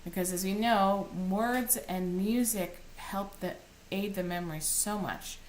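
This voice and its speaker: A woman's voice: mid-range voice, a little slow, a little hiss or hum. A woman cantor teaching Torah cantillation, explaining plainly and breaking into short sung chant phrases. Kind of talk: recorded online lesson.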